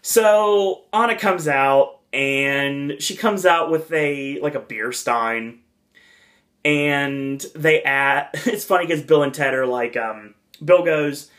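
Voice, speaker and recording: A man's voice: on the high side, takes it slowly, fairly bright tone. A man hosting a casual podcast review, talking in a rambling, enthusiastic way with lots of fillers. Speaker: podcast host reviewing a theme park event.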